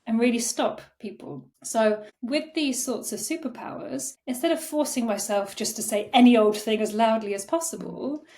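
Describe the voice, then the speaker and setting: A woman, a career coach, speaking as a guest in a casual podcast conversation, animated and acting out her own remembered thoughts with frequent laughter. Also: a little high, moderate pace, few pauses. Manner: animated, acts out quoted thoughts, laughs often.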